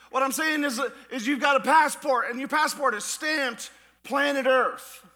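A man preaching a sermon as pastor, with rising shouts and a few sung lines. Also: very high-pitched. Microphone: church podcast recording of a live sermon.

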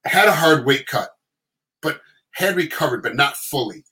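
A middle-aged man telling stories in casual chat, animated and acting out quotes in other voices. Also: fairly high pitch, normal speed, rough recording.

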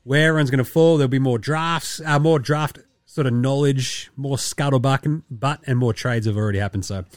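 A man's voice: medium pitch, a little fast, few pauses, dry recording, clean studio sound. A man with an Australian accent hosting a casual podcast, talking loosely with lots of swearing and laughter. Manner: loose, profane, laughing, rambling. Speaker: podcast host.

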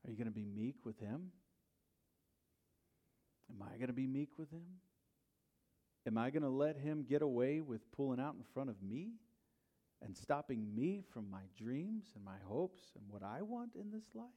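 A middle-aged male pastor delivers a sermon in a church, his voice sitting at an ordinary, mid-range pitch. He tells a personal story conversationally, sinking into hushed asides before rising into loud, emphatic bursts. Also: lively intonation, normal speed, long pauses, highs cut off.

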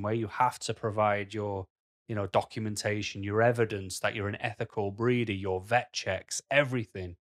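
A man with a fairly low voice, talking straight to his viewers. He is blunt and rambling, and he keeps dropping "you know" between thoughts. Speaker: vlogger. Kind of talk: casual monologue to camera.

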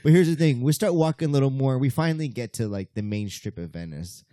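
A man telling a story in casual podcast chat, animated and swearing freely, laughing often. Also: medium pitch, fast, no echo, studio quality.

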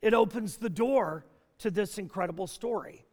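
A man preaching a sermon as a pastor, animated and full of rhetorical questions. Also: high voice, moderate pace, big-room sound.

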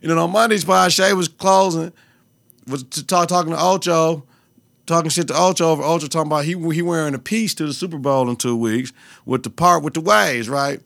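Gravelly, animated man podcast host. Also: on the high side, a little fast, no echo. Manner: animated, profane, laughing storyteller. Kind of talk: casual solo podcast rant.

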